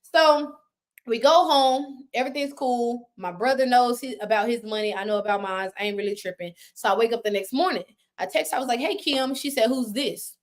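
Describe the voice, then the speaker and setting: A woman guest on a live video call, telling her story in casual, animated talk, acting out what people said with slang and swearing. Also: a little high, fairly quick. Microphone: phone on a live video call.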